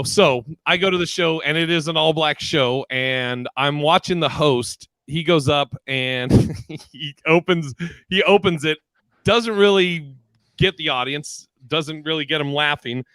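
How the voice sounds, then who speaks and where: Animated, bright-voiced male comedian host. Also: a little high, a little slow, clean tone, no room sound. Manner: animated storyteller, acts out voices in anecdotes. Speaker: podcast host. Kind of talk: casual chat among comedians. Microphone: video call.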